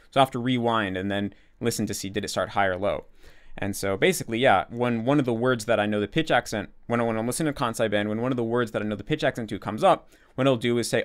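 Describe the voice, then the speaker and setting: A man's voice: medium pitch, quick pace, smooth. A man hosting a casual Q&A, explaining at length with many restarts and repeated words, and acting out his own thoughts as quoted asides. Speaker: language-learning channel host.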